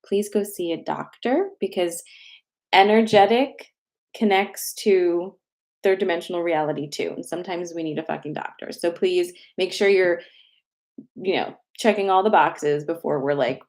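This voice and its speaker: A woman in her thirties hosts a casual spiritual livestream in a lowish voice. She talks in a chatty, reassuring way and lets the odd swear word slip. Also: darkish tone. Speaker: spiritual reader and host.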